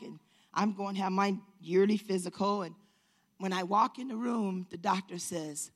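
Woman, husky voice, live storytelling, acts out quotes, bursts into shouts. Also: mid-range voice, normal speed. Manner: lively storyteller acting out quotes, rising to shouts. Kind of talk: storytelling to an audience.

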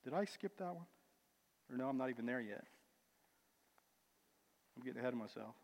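A man preaching a sermon with emphatic, building declarations and quieter asides, calling listeners brother and sister. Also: mid-range voice, animated, a little fast, vocal fry. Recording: long reverb of a large hall.

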